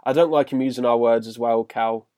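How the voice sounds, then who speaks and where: A man's voice: mid-range voice, fairly even intonation, fairly quick, darkish tone, no room sound. A British man hosting a podcast in casual chat, recapping scenes and putting questions to his co-host. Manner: leads the talk, recaps scenes and asks questions.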